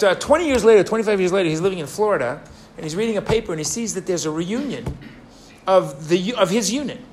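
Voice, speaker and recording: A man's voice: high-pitched, a little hiss or hum. A man giving a sermon to a live audience, telling a story and asking his listeners questions, with many restarts.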